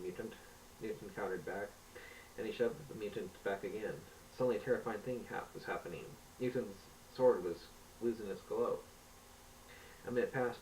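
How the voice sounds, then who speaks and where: A man reading a homemade adventure story aloud in a plain, steady way with small slips. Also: lowish voice, recorded from a distance, slight background noise, poor audio.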